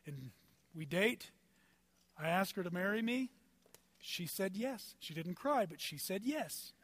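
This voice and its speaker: A man's voice: high-pitched, a bit bright, dry recording. A male pastor preaching a sermon in a conversational, storytelling way, building his points through strings of rhetorical questions. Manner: conversational, personal anecdotes.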